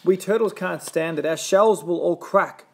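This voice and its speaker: Humble little storybook turtle, pleading and groaning, pitched up, a man acting him out. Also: animated, normal speed. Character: plain little male turtle, weary and pleading.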